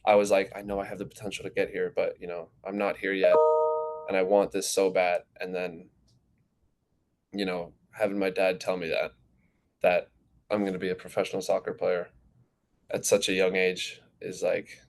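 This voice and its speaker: A teenage young man from New Jersey, answering interview questions in a relaxed, rambling way with plenty of fillers. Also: deep voice, moderate pace, vocal fry. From New Jersey, USA. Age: teens. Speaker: goalkeeper guest.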